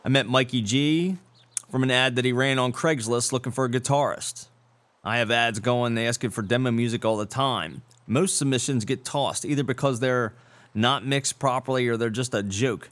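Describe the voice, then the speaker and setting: A man's voice: medium pitch, steady tone, normal speed, a bit bright. A man hosting a show, reading a scripted introduction in a dry, sarcastic way. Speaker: show host.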